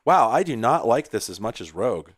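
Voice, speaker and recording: A man's voice: medium pitch, big pitch swings, brisk, breathy edge, no room sound, clean studio sound. A man hosting a retro computing video, rambling in casual, profane commentary while he plays an old computer game, breaking into sudden exclamations.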